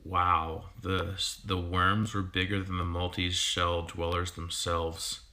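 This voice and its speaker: Deep, flat-voiced man rambling on a livestream. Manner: halting, full of ums and restarts. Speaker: fishkeeping YouTuber and sixth-grade teacher. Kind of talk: casual livestream chat.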